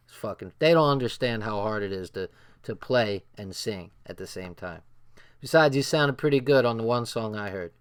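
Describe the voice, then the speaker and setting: A man's voice: on the low side, lively intonation, normal speed, clear, resonant tone. A man with a New Jersey accent reading a book aloud on a livestream and commenting bluntly, repeating phrases for emphasis.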